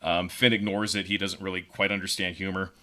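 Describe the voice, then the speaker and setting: A man co-hosting a podcast, pitching a story casually with lots of fillers and repeated words. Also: little pitch movement, brisk, bright, forceful tone. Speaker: podcast co-host.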